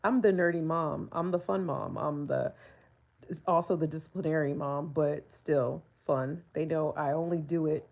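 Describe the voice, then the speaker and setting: A woman's voice: low voice, steady tone, moderate pace, vocal fry, a little mellow. Chatty woman in her forties. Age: 40s. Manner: candid and chatty, laughs often, talks back to the chat. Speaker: livestreamer. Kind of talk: casual live-stream chat.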